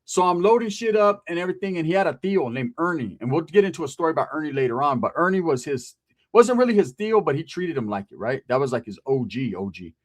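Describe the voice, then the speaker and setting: A man's voice: fairly high pitch, very animated, fast talker. A man telling a profane comic story about his past, acting out the people in it.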